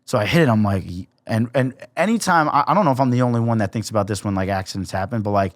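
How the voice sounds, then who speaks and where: A young man, a podcast guest, telling a story in a casual, profane, animated way and acting out the quotes. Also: lowish voice, very fast, dry recording, studio quality.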